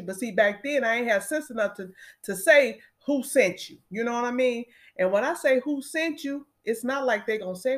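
A woman's voice: a little high, expressive, brisk. A woman in her fifties chatting casually to her viewers, addressing them directly and using lots of fillers. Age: 50s. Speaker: vlogger.

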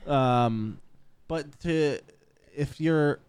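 A man's voice: on the high side, extremely slow, a little mellow, smooth, no echo. A man co-hosting a stream, chatting casually in a laid-back way and laughing often. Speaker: streamer co-host. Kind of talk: casual chat.

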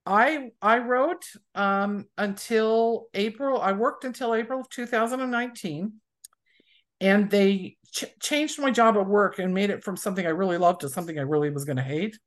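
A woman's voice: mid-range voice, normal speed. A woman author chatting in an interview, telling anecdotes and acting out the people she quotes. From USA. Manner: chatty storyteller who acts out quoted people. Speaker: romance author, guest. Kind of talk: casual interview chat.

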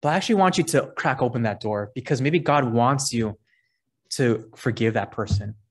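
Man, pastor, sermon, earnest conversational preaching, mid-pitched voice. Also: normal speed, slightly rough.

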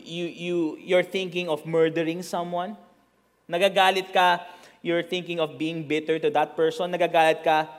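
A man with a Filipino accent preaching a sermon, mixing English and Tagalog, and rising to shouts for emphasis. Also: fairly high pitch, long reverb tail.

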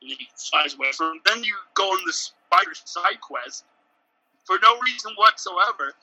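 A man co-hosting a casual podcast chat, animated and laughing, often slipping into mocking voices. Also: high-pitched, normal speed, faint music behind, poor audio. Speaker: podcast co-host.

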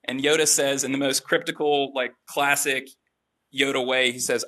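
A man giving a relaxed, chatty sermon with self-deprecating asides. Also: mid-range voice, normal speed. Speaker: preacher. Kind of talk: conversational sermon.

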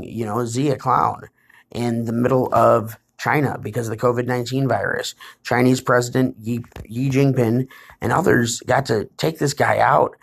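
A man's voice: mid-range voice, creaky, husky. A man hosting his own political commentary show, sounding tired and talking urgently to his viewers, often calling them "guys". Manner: urgent, repetitive addresses to "guys". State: tired, yawning.

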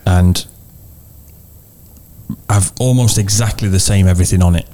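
Deep mellow-voiced car expert man. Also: normal speed. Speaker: podcast guest, car expert. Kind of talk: casual chat. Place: podcast studio.

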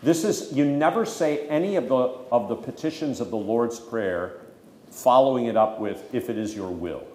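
A man's voice: medium pitch, animated, normal speed, darkish tone, slight background noise. A pastor teaching the catechism to his congregation, stressing key words for emphasis and breaking off for folksy asides. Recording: echoey hall with long reverb.

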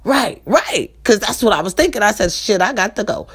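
A woman hosting a casual talk show, telling a story to her listeners in a lively, profane, chatty way. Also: medium pitch, a little fast, breathy edge. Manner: animated, profane, addresses listeners directly.

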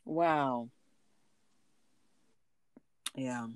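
A woman co-hosting a podcast in casual chat, unhurried and agreeable, cheering her partner on as she shares a story. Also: a bass voice, smooth, dry recording, studio quality. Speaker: podcast co-host.

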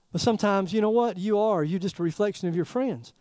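A man preaching a sermon in a folksy, animated way, throwing rhetorical questions at the congregation. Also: high voice, fast, hardly any pauses, clean tone, no room sound. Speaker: pastor.

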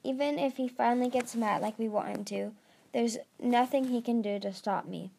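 A woman's voice: on the high side, moderate pace, gravelly, mellow, a little hiss or hum. A woman voicing a harsh, cold female adult dragon in an amateur audiobook reading, curt and threatening.

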